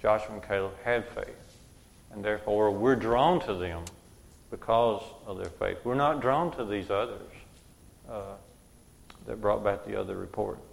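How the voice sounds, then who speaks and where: A man's voice: lowish voice, a little slow, creaky. A man leading a group Bible study, who asks questions and repeats the answers back to the room.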